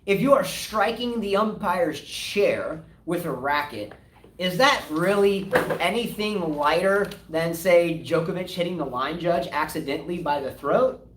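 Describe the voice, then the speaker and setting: A man with a high voice co-hosts a live tennis talk stream. He argues with lively rhetorical questions. His voice sits away from the mic and echoes around the room. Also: measured pace, recorded from a distance, noisy background. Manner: animated, argumentative, rhetorical questions. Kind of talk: casual live-stream discussion.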